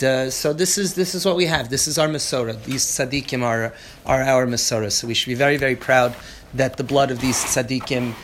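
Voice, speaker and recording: A man teaching a Torah class, halting with many restarts and fillers, moving between low reflective talk and loud fervent teaching. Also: a little hiss or hum.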